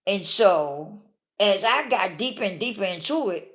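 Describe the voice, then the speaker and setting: Blunt, casual woman vlogger with animated pitch. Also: unhurried. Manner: blunt, casual, keeps checking in with the listener. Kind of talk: candid personal storytelling.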